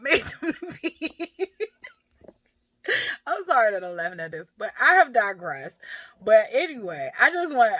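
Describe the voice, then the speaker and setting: A woman's voice: mid-range voice, a bit bright, dry recording. A woman vlogger and mother talking frankly about her life and parenting, laughing often and swearing freely, with many fillers. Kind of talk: candid personal talk to camera.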